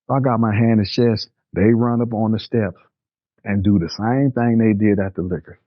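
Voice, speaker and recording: A man's voice: fairly low pitch, fairly even intonation, moderate pace, dry recording. An older man, telling his own story in a plain-spoken, vivid, vernacular way. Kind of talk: first-person story recounting. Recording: dry, slightly muffled recording.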